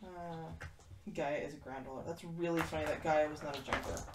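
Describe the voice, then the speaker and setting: A chatty woman with a low voice hosts a casual livestream from a kitten room, answering viewers as they type. She sounds some way from the mic in an echoey room, with clear noise behind her. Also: steady tone, brisk, far from the mic. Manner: chatty, reads and answers chat aloud.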